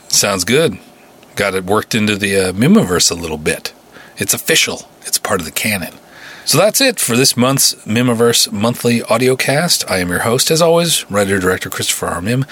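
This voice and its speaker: A man's voice: fairly low pitch, sing-song, normal speed, a bit bright, slightly rough. A man hosting his podcast, reading a story aloud and signing off in a playful, self-mocking way. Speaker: podcast host and writer-director.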